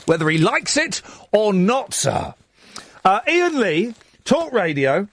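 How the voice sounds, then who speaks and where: A man's voice: sits high, slow, husky, dry recording. A man, hosting a late-night radio phone-in in a chatty, self-mocking way. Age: 40s. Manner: chatty, self-mocking, lively banter with the studio team.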